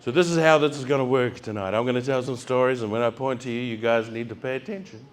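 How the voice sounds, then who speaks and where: A male stand-up comedian telling stories on stage, animated, acting out scenes and building to shouts. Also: mid-range voice, fast. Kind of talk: stand-up storytelling. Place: comedy stage before a live audience.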